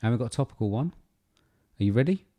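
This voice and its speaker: A man hosting a podcast, moving the show along with upbeat, quick affirmations. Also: medium pitch, animated, warm tone. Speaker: podcast host. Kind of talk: casual chat.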